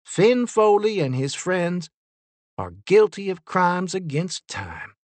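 A man's voice: high voice, big pitch swings, no room sound, pitched above the performer's own voice, exaggerated voice. A man voicing Miss Ellie, a stern, formal woman who presides over a vote, in a storybook reading. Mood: cold. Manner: formal, cold, measured. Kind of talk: storybook character voice.

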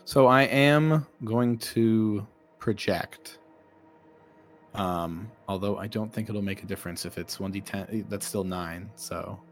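A man's voice: fairly low pitch, unhurried, faint music behind. A man playing a tabletop game, talking casually and thinking aloud with hesitant fillers. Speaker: player.

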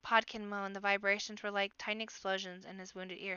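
A woman reading a children's novel aloud in an expressive storybook manner. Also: mid-range voice, a little fast, hardly any pauses, smooth, dry recording, lo-fi sound.

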